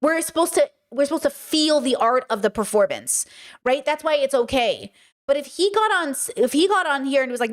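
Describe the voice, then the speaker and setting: A woman hosting a stream, giving casual commentary in an emphatic, animated way and repeating her points. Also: sits high, brisk. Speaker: streamer and podcast host.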